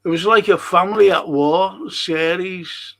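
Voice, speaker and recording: Scouse male stream host, unhurried chatty delivery, reacts to viewer comments, voice on the higher side. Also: gravelly, a bit bright. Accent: Liverpool (Scouse). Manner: chatty, reads viewer comments aloud and answers them. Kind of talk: casual live-stream chat.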